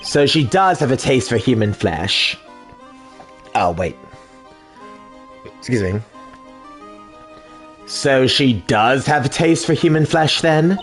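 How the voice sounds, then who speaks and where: A man voicing a composed, formal male attorney in a game dub, in a measured manner. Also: medium pitch, expressive, soft background music, pitched below the performer's own voice.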